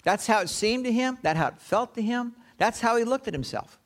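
A man preaching a sermon, telling the story dramatically and often dropping to a hushed, low tone. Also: expressive, a little fast. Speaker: pastor.

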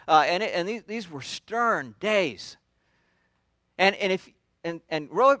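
Man, pastor, sermon, high voice, conversational storytelling, frequent restarts, dry close sound. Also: lively intonation, measured pace, bright, forceful tone, no echo.

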